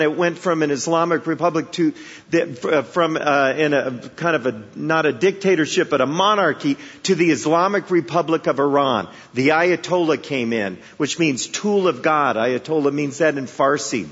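A man's voice: a little high, normal speed, fairly bright tone, breathy edge. A man from the Chicago area preaching a sermon, telling stories conversationally and with humor, asking the audience rhetorical questions. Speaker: guest preacher. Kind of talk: sermon with storytelling. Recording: echoey hall, dull sound.

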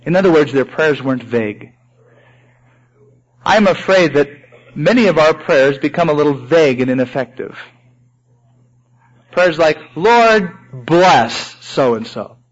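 A man preaching a sermon, animated, acting out sample prayers in raised voices. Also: fairly high pitch, a little slow, long pauses. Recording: dull lo-fi recording.

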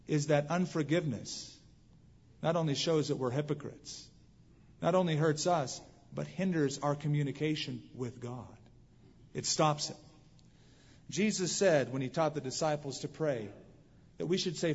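A male pastor preaching a sermon, telling Bible stories with animated storytelling and acting out the voices of people he quotes. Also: a little high, husky. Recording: muffled hall recording with long reverb.

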